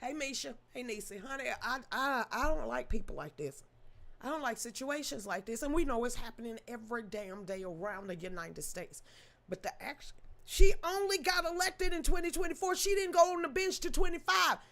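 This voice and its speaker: A woman hosts a live news commentary stream, speaking emotionally and with profanity, stammering through repetitions and greeting chat viewers by name. Her voice sits high, expressive and a bit bright, with vocal fry and a brisk pace.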